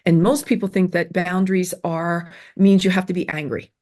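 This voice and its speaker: A middle-aged woman with a lowish, mellow voice speaks at a moderate pace in a level tone. She's giving earnest self-esteem advice in an interview, emphatic and repetitive, full of fillers and restarts.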